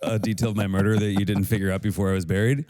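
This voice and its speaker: Deep-voiced rambling podcast co-host man. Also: flat delivery, rapid-fire, a little mellow, no echo, clean studio sound. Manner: rambling, hedging, says "you know" a lot. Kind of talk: casual chat.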